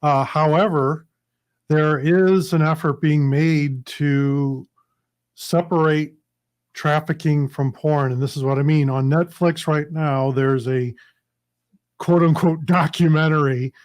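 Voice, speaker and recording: A man's voice: a little high, fairly even intonation, slow, darkish tone. A man hosting a podcast interview, asking questions hesitantly with many fillers. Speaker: podcast host.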